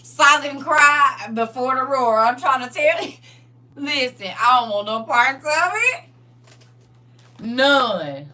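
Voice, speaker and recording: A woman who is a mother and host of a live show, telling funny stories and testimony in an animated, dramatic way, and laughing often. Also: high-pitched, slow, far from the mic, low-quality recording. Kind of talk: comedic storytelling testimony.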